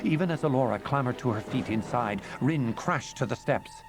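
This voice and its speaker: A man reading a fantasy novel aloud in measured, dramatic narration. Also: mid-range voice, lively intonation, music in the background. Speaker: audiobook narrator. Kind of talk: scripted narration.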